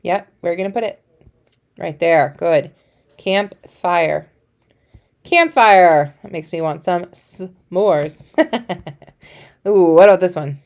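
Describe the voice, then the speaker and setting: A woman's voice: lowish voice, slow pace, long pauses, dark tone. A woman teacher giving a recorded phonics lesson to young children, encouraging and playful, praising often.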